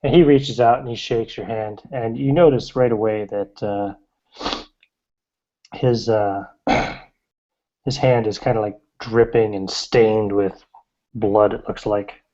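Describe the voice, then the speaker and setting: A man narrating as game master of a tabletop game, describing scenes with halting fillers. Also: lowish voice, fairly even intonation, mellow. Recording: dull lo-fi recording.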